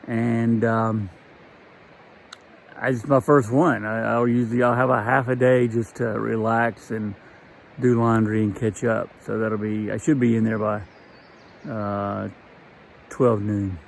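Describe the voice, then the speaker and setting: A man with a Gulf Coast Southern accent, talking casually to the camera on a hiking trail in a relaxed, unhurried way. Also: on the low side, creaky, a little hiss or hum. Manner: relaxed, unhurried, with frequent fillers. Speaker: hiker vlogger. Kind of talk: casual trail vlog talk.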